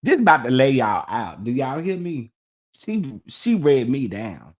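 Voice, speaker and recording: Measured in pace and medium in pitch, this male host of a gossip chat show tells stories to his viewers in a casual, animated way, laughing and exclaiming often.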